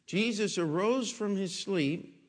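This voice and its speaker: A man's voice: sits high, takes it slowly. A man pastor preaching a sermon in a folksy storytelling way, asking rhetorical questions, in a church. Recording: long echoing hall reverb.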